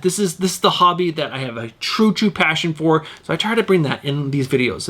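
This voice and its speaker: Guy in his 40s with a high voice hyping up comics to his viewers, super eager. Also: a bit bright. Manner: enthusiastic and chatty, addressing viewers directly. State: sweating from the heat. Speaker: comic book channel host. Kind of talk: casual video chat. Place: home room with windows open.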